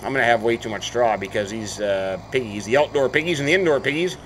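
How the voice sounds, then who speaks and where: A man's voice: medium pitch, quick pace, background noise. A man hosting a farming game let's play, chatting casually as he plays, thinking aloud and often breaking into mild exclamations. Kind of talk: casual gameplay commentary.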